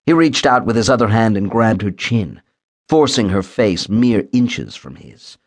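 A man reading a thriller audiobook in a steady, measured storytelling manner. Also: fairly low pitch. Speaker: audiobook narrator. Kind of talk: scripted thriller narration.

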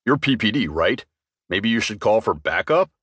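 A man voicing a massive, jumpy male troll bartender in an audiobook, talking slow and grumbling. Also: lowish voice, big pitch swings, fairly bright tone, slightly rough, no echo, clean studio sound, exaggerated voice. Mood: gruff.

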